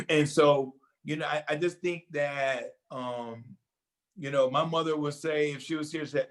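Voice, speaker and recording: A man's voice: on the high side, steady tone, a little slow, low-quality recording. An older man in casual talk show conversation, speaking reflectively and hesitantly with many fillers.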